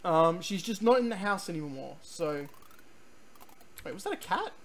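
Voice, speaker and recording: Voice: medium pitch, lively intonation, moderate pace, slight background noise. A game streamer giving rambling, chatty let's-play commentary, full of ums and restarts, sometimes reading on-screen text aloud.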